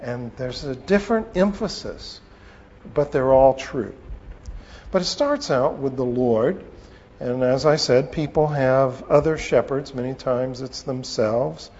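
A man teaching a sermon on scripture, with a slow, deliberate delivery and pauses. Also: medium pitch, a little mellow. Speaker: preacher. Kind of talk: expository Bible teaching. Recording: long reverb, dull lo-fi sound.

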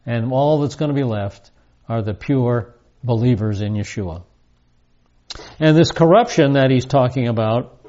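A man teaches through scripture verse by verse, measured and explanatory, with a warm, mellow tone. He reads each passage aloud, then restates it plainly. The recording is a little dull and lo-fi. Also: mid-range voice. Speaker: Bible teacher.

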